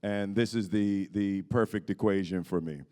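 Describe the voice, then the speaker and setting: A male film actor at a press conference, telling a story in a casual, animated way and often laughing, into a table microphone. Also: low-pitched, moderate pace.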